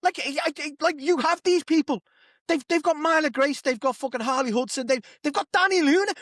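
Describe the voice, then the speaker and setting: A man's voice: extremely high pitch, a bit bright, no echo, clean studio sound. A man with a Scouse accent, a podcast co-host ranting in casual chat and swearing heavily. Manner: profane, heated ranting.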